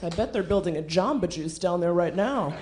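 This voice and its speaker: A woman doing a stand-up comedy set on a club stage, brash and animated, swearing freely. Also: on the low side, fairly quick, background noise.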